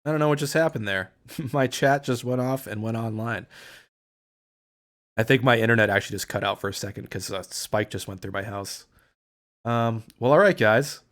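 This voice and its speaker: A man with a fairly low voice hosts a loose livestream chat. He rambles from point to point and swears casually. He restarts sentences often as he thinks out loud. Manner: rambling, profane, with frequent restarts. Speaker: livestream host.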